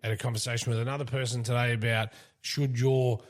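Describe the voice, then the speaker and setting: A man's voice: mid-range voice, level tone, fast talker. A man hosting a casual sports chat show, talking in a rambling, jokey way. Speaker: podcast host.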